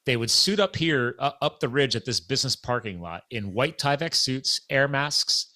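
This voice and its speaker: A man casually telling a long story in a podcast chat, animated and acting out the dialogue of people he met. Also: medium pitch, moderate pace. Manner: animated, acts out quoted dialogue.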